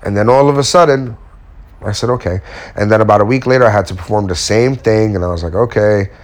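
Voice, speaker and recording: A man's voice: fairly low pitch, fast talker. A man who works as a custom furniture maker, giving a blunt, slangy motivational talk and swearing casually as he goes.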